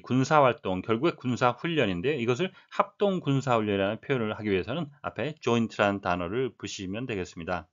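Lo-fi male teacher explaining English news. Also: lowish voice. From Korea. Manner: patient, explains phrases one by one. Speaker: English teacher and channel host. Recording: lo-fi voice recording.

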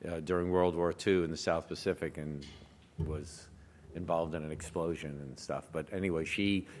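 An American physician giving a conversational conference talk, telling anecdotes with asides, recorded in a lecture hall. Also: male voice, sits low. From United States. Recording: long hall reverb.

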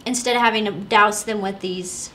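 A woman's voice: mid-range voice, steady tone, normal speed, sharp tone, slight background noise. A woman co-hosting a casual question show, chatty and giggly, telling rambling stories. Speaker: co-host of a store's question show. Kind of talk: casual chat.

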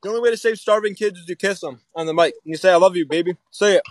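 A man's voice: sits high, quick pace, slight background noise. A man hosting a crude improvised comedy skit, teasing and goofy. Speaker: host of a plush-toy channel.

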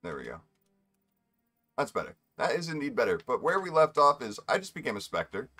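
A man's voice: medium pitch, big pitch swings, brisk, pushed and bright, soft background music. A young man giving rambling, joking commentary while streaming a video game. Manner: rambling, joking asides to himself. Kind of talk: casual gameplay commentary.

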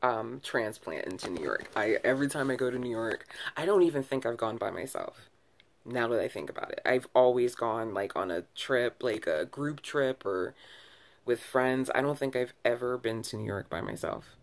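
A woman's voice: very deep voice, animated, moderate pace. A woman vlogger talking to camera in a loose, candid ramble, full of restarts and self-corrections, with sighs between thoughts. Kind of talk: casual early-morning ramble to camera.

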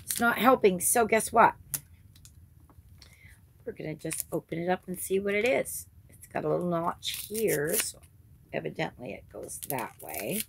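A woman's voice: fairly low pitch, big pitch swings, a little slow, vocal fry, fairly bright tone, a little hiss or hum. A woman hosting her crafting channel, chatting casually through an unboxing and gushing over each item with little gasps.

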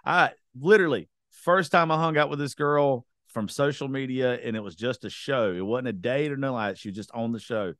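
A man's voice: mid-range voice, brisk, hardly any pauses, a bit bright, no room sound, clean studio sound. A man hosting a podcast, telling blunt, profane stories in casual chat. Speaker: podcast host.

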